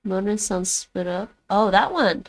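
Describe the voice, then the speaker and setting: Slow-talking chatty woman, Dutch native. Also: mid-range voice. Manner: chatty, thinks aloud, repeats words to practice. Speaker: streamer learning languages. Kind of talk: casual livestream language practice.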